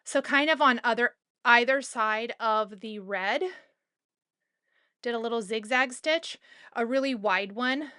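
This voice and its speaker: A woman hosting a casual sewing tutorial, talking through each step in a chatty, relaxed way with loose asides. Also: a little high, unhurried, clear, resonant tone, no echo, clean studio sound.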